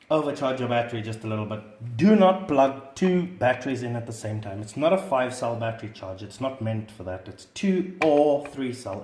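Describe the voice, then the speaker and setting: A man's voice: medium pitch, darkish tone, echoey room. A man hosting a casual hobby review vlog. He gives earnest warnings and repeats words for stress. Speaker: hobby channel host reviewing a drone charger.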